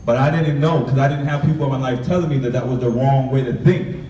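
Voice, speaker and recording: A man's voice: mid-range voice, fast talker, dark tone, a little hiss or hum. Man telling a story in an echoey hall. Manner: candid, street-inflected storytelling with acted-out quotes. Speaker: author speaking to students. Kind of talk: motivational storytelling talk. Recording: echoey room from far off.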